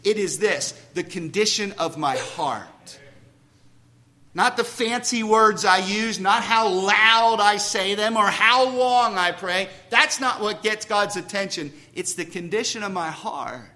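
Man, preacher, sermon, high voice, conversational, asks the congregation questions. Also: measured pace, pushed and bright. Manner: self-deprecating humor. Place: church before a congregation.

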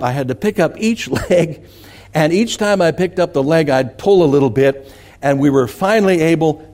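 A man's voice: on the high side, darkish tone. A man preaching a sermon, telling a folksy childhood farm story and asking the congregation "amen?".

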